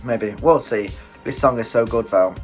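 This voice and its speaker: A man with a British accent hosting a casual music reaction and exclaiming often as he listens. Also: medium pitch. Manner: excitable, quick exclamations and chuckles. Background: faint music playing.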